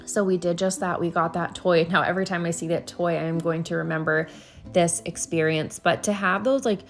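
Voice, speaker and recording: A woman's voice: lowish voice, fairly even intonation, a little fast, soft background music. A woman recording a casual voiceover at home, talking earnestly and rambling with frequent restarts. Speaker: vlogger.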